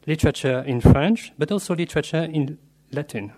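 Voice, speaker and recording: A man's voice: a little high, mellow. Man giving a scholarly literature lecture. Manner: measured and scholarly, slipping in Latin and French terms. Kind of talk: academic lecture read from a paper.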